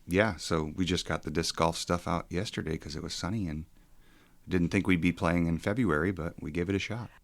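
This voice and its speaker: A pastor in his forties who talks in a halting, reflective way, with many ums and restarts. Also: low-pitched, fairly even intonation. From suburbs of Chicago. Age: 40s. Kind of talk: casual podcast conversation.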